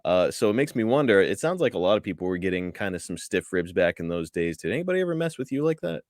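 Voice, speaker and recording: A man's voice: low voice, big pitch swings, fast, no room sound, studio quality. A man hosting a casual interview, asking easygoing questions. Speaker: interviewer and co-host.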